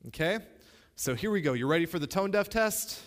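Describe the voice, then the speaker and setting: Lively, playful male teacher. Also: high voice, brisk, in a large hall. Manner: playful, direct, addresses the listener. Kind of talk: spoken lesson to camera.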